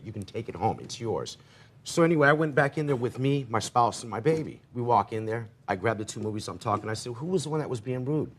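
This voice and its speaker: A man with a fairly low voice tells his side of a dispute in a televised courtroom. He rambles on through the story, acting out both sides of phone calls. A faint hiss runs under the recording. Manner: rambling, rapid retelling with quoted dialogue. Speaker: defendant.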